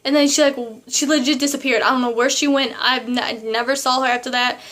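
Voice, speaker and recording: A young woman, telling a story to camera in a casual, animated way full of fillers and asides. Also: sits high, fast talker. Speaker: vlogger.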